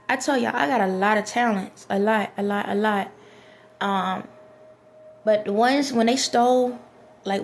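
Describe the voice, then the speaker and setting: A woman's voice: medium pitch, vocal fry. Woman, vlogger, casual to-camera monologue, rambling, repeats herself, faint background hum. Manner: rambling, repeats phrases, many fillers and restarts.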